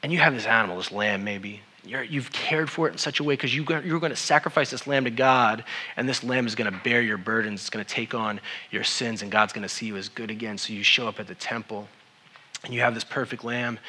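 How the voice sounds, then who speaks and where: A man preaching a sermon, animated and addressing the congregation directly with questions. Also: medium pitch, fast. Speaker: pastor.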